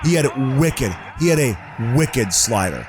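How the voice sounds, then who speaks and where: A man's voice: medium pitch, sing-song, a little slow, noisy background. A man co-hosting a podcast in casual chat, rambling with stops and restarts, swearing and laughing easily. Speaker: podcast co-host.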